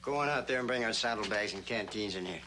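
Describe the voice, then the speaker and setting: An actor playing a short-tempered male outlaw leader who barks orders in a gruff voice, in an old TV western. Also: lowish voice, fast, background noise, natural voice. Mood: threatening. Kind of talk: 1960s TV western acting.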